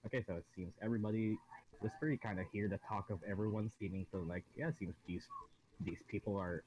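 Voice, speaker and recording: A deep-voiced man narrates a tabletop game as dungeon master. He rambles, restarts his sentences and corrects himself while a faint hiss of noise sits under his voice. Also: steady tone, quick pace. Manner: rambling, self-correcting, often laughing.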